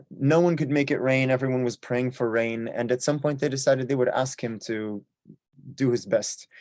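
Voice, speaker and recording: A man telling a folk tale at a story swap in a relaxed, chatty way with small restarts. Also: mid-range voice, no room sound.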